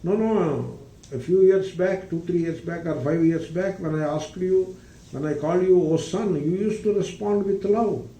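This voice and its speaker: A man's voice: sits high, normal speed, dark tone, slight background noise, pitched above the performer's own voice. A man voicing an elderly king who coaxes and pleads with his son, insistent and questioning. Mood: pleading. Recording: roomy, distant mic, faint ambience.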